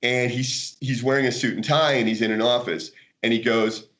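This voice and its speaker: An American man, a guest author in a casual interview, telling animated stories with frequent laughter and restarts. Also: mid-range voice, moderate pace, few pauses. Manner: animated storyteller, laughs often, many restarts. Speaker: guest, martial arts author.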